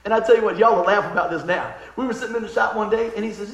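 A man preaching a sermon as pastor, folksy and fervent, often pausing for an amen. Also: high-pitched, a bit bright, echoey room, poor audio. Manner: fervent, folksy, calls for amens.

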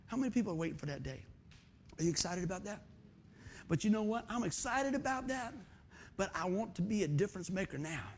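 A man preaching a sermon as pastor, energetic, with loud bursts and quiet asides. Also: high-pitched, fast, slight background noise.

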